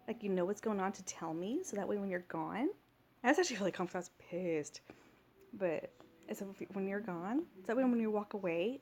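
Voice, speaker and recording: A woman's voice: medium pitch, darkish tone, a little hiss or hum. Exasperated woman ranting in a vlog. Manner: exasperated, ranting, acts out quoted dialogue. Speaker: vlogger. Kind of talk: casual vlog storytelling.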